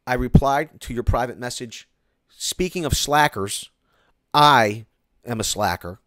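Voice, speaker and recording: A man hosting a casual live stream, reading viewer comments aloud and ranting about them in an animated way. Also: medium pitch, unhurried, dry recording, studio quality.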